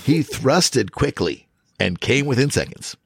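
A man giving a deadpan comic reading of fan fiction on a podcast. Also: mid-range voice, unhurried, gravelly, background noise.

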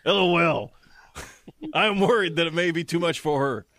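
A young man co-hosts a comedy podcast and reads a listener's letter aloud. He chuckles often and drops in asides. His voice sits a bit high. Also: moderate pace, a crowd in the background. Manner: reads aloud with frequent chuckles and side remarks. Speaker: podcast co-host.

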